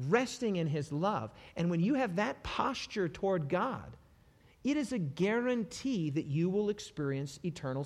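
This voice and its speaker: A man preaching a sermon with passion, moving between soft pleading passages and loud, emphatic ones. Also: a little high. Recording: long hall reverb.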